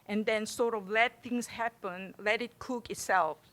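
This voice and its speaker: A middle-aged woman from Korea with a Korean accent, giving a public artist talk in an animated, chatty way and laughing often. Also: mid-range voice, unhurried. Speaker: visiting artist.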